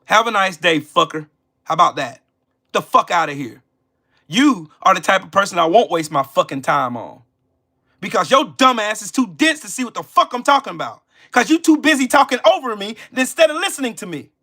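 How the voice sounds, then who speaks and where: A man hosting his own channel, delivering an angry, profane, confrontational rant and shouting at times. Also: sits high, big pitch swings, a little fast. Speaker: channel host.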